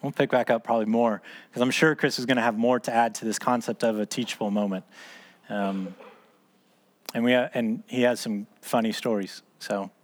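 A man's voice: mid-range voice, fairly even intonation, moderate pace. A man in his thirties or forties leading a small church discipleship group, teaching in a casual, conversational way and asking and answering his own questions. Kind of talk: casual teaching talk ending in prayer.

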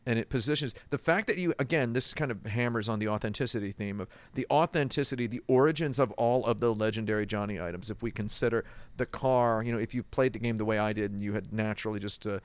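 Low-voiced rambling man. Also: fast, hardly any pauses, clear, resonant tone. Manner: rambling, many restarts, acts out quotes. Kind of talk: casual chat about a video game.

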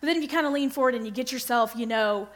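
A middle-aged woman giving an earnest devotional Bible teaching, often pausing to check in with her listeners. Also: on the high side. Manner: earnest, keeps checking in with "okay?".

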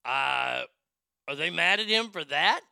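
Hosting a casual commentary show, a man with a high, bright, somewhat gravelly voice reads posts aloud and jokes his way through them, blunt and freely swearing. He is expressive and measured in pace, and the audio is smooth and dry with no room sound.

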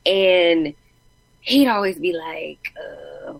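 A woman's voice: sits low, measured pace, vocal fry, dry recording, rough recording. A woman in casual chat, telling funny family stories and acting out quotes with lots of laughter. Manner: animated storyteller, acts out quotes, laughs often.

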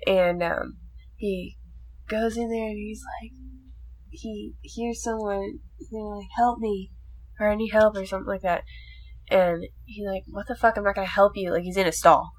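A young woman chatting casually and recounting a film in a loose, rambling way. She swears freely and leans heavily on filler words, with a pitch in the middle range. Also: steady tone, normal speed. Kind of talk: casual chat retelling a movie plot.

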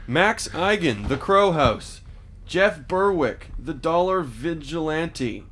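A man's voice: on the high side, animated, slow pace, fairly bright tone, a little hiss or hum. A man hosting a comedy podcast, reading out a list with wry asides in casual chat. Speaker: podcast host.

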